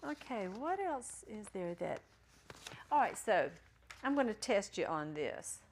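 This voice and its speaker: A woman's voice: medium pitch, big pitch swings, a little slow, a little hiss or hum. A woman teaching a Greek class in a classroom, chatty and encouraging, joking with her students. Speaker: Greek teacher at a ministry school. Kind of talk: classroom lecture.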